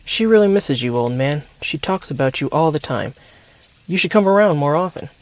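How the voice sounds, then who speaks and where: An easygoing, friendly stepfather from a read-aloud storybook, as a male reader puts him on. He greets loudly and cheerfully. His voice rides well above the reader's usual pitch. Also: animated, moderate pace, no room sound, lightly acted.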